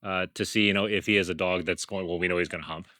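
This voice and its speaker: A man's voice: low voice, quick pace, no room sound, studio quality. A man from a dog rescue, casually explaining a dog's behavior while handling him outdoors. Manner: relaxed, explanatory, coos at the dog.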